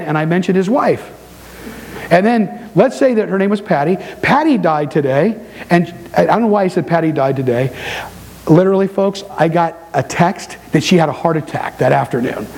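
A middle-aged pastor preaching to his congregation in a church, telling stories with quick asides and repeated words. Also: sits high, poor audio. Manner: animated storytelling preacher with quick asides and repetitions. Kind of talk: sermon. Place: church sanctuary before a congregation.

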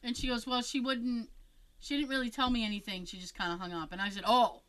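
A woman telling a story in a casual chat, animated and acting out the voices of the people in it, with frequent fillers and restarts. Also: a little high, a little fast, smooth, rough recording. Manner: animated, acts out quoted voices.

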